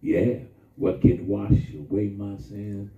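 A man preaching a sermon in a call-and-response style, drawing out his emphasis slowly and then rushing through asides. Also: lowish voice, steady tone, mellow. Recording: distant, echoey, phone-like sound from far off.

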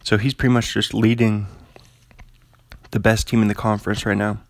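A man's voice: on the low side, little pitch movement, normal speed, creaky, dry recording. A man hosting a casual solo podcast from his apartment, rambling in a laid-back way with lots of fillers. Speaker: podcast host. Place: home apartment.

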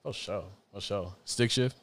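A man's voice: lowish voice, a little slow, a little hiss or hum. A young man hosting a casual podcast chat, laid-back and slangy with many fillers. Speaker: podcast host.

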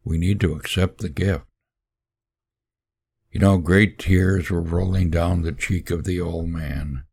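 A male podcast preacher tells a sermon story in a solemn, measured way. His voice sits extremely low with a gravelly edge, and his pace is slow and deliberate. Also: steady tone, a little mellow.

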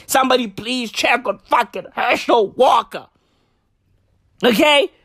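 A high, bright-voiced man hosts a podcast in a loose, ranting style, excitable and profane and looping back on the same lines. He talks slowly and deliberately between bursts of laughter, and the sound is dry and close. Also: creaky, husky, no echo. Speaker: podcast host. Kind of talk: ranting casual commentary.

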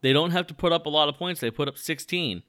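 A man co-hosting a casual sports chat, talking excitedly and restarting his sentences often. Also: on the high side, quick pace, smooth. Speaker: podcast co-host.

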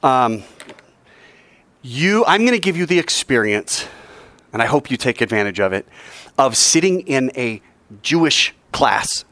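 A male teacher leads his class in call-and-response, coaxing the group to repeat after him. His voice sits at an ordinary middle pitch, and his delivery is lively and urging as he drills each line. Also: unhurried, long pauses, dry recording.

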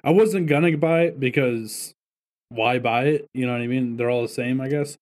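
A man chats easily on a podcast, relaxed and a little wry. His voice sits in a middle range and he talks at an unhurried pace. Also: mid-range voice. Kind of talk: casual chat.

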